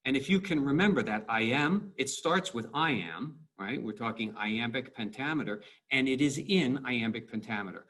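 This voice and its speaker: A man teaching high school English in a recorded video lecture, explaining patiently and stressing syllables to show the rhythm. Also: lively intonation, a little fast, hardly any pauses, fairly bright tone. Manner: repeats words and restarts.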